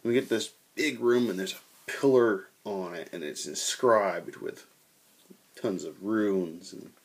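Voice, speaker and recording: A young man telling a tabletop game story in a casual, animated way, swearing and acting out quotes. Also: lowish voice, slightly rough.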